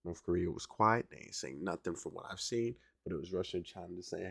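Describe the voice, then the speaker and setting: Male podcast host, low and gravelly, talks loose and slangy, keeps pulling the listener in. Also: fairly quick, few pauses, no room sound, clean studio sound. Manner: conversational, keeps asking "right?" to the listener; slangy, drawling delivery. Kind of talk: casual solo commentary.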